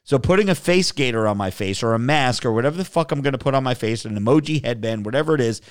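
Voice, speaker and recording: A man hosts a loose, profane podcast chat, answering viewer questions bluntly. His pitch moves a lot as he rants. The sound is dry and close, with no room around it. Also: expressive, quick pace, smooth, no room sound. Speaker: podcast host reading chat. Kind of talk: casual banter.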